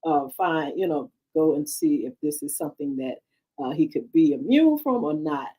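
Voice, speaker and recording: Woman radio host chatting, mellow warm tone, laughs a lot. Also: low voice, normal speed, breathy edge, poor audio. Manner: animated, laughs often, sings playful jingles. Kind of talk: casual chat.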